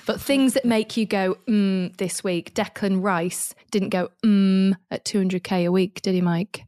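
A woman co-hosting a podcast, telling stories with animated energy and acting out the voices of the people in them. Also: mid-range voice, moderate pace, no echo, clean studio sound. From northern England. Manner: animated storytelling, acts out voices. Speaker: podcast co-host. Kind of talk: casual chat.

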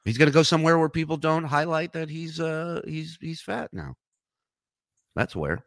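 A man's voice: a little high, animated, normal speed, vocal fry, fairly bright tone, dry recording, clean studio sound. A man hosting a podcast, teasing his guests and laughing often in casual chat. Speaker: podcast host.

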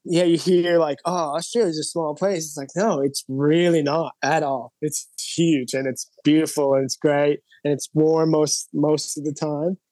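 A man's voice: on the high side, little pitch movement, unhurried, hardly any pauses, dark tone, dry recording. A man, a guest musician, chatting casually on a podcast, rambling and full of "like" and "you know". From Canada.

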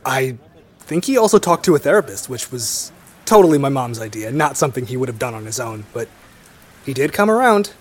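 A young man being interviewed, relaxed and wry, laughing easily. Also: medium pitch, a little fast. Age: young adult. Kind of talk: conversational interview.

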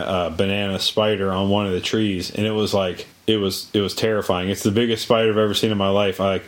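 A man in casual chat, telling rambling stories with many fillers and restarts. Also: lowish voice.

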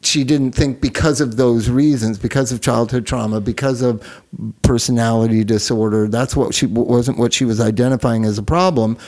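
A man's voice: medium pitch, fairly even intonation, normal speed, a little mellow. A man in casual conversation who works in treatment, cutting in with jokes and the odd curse. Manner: joking, interjecting, profane. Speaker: co-host, works in addiction treatment.

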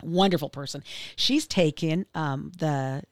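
A woman's voice: sits low, measured pace, dry recording. A woman co-hosting a casual chat show, telling a long story and acting out what other people said. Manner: chatty storyteller, acts out quoted voices. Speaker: podcast co-host. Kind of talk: casual chat between friends.

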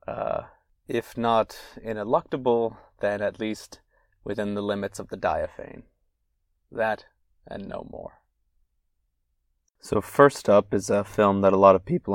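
A man's voice: fairly low pitch, dry recording. A man hosting a solo podcast, reading old letters and anecdotes aloud with casual asides and fillers. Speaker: podcast host.

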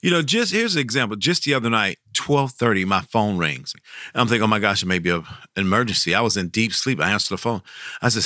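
A bright, forceful male voice, a little low in pitch, recorded dry and close. A middle-aged professional Santa from Texas tells stories in an interview. He jumps high when quoting kids and laughs often. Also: expressive, quick pace, no room sound. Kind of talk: storytelling interview.

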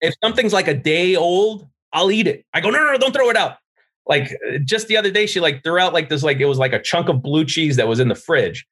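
A man's voice: a little high, a little fast, hardly any pauses, a bit bright. A middle-aged man from New Jersey, a podcast guest telling candid, profane stories about growing up and laughing at himself. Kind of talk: casual interview storytelling.

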